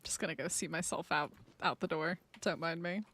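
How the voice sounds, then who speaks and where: A woman's voice: deep voice, steady tone, fairly quick, fairly bright tone. A woman streaming a survival game, chatting playfully with her viewers and laughing often. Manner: playful, giggly, chats with viewers. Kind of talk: casual live-stream chat.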